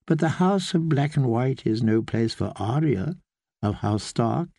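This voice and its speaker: A man reading an audiobook, voicing a mysterious old priest who asks questions in a slow, quiet, measured way. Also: mid-range voice, expressive, dry recording, clean studio sound. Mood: solemn. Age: older. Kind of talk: audiobook character voice.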